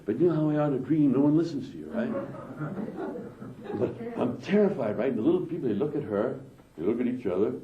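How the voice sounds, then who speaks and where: A man's voice: medium pitch, expressive, fast, a crowd in the background. A man doing stand-up, telling a long story loosely with lots of asides. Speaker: comedian. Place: small theatre stage. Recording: dull, echoey small theatre.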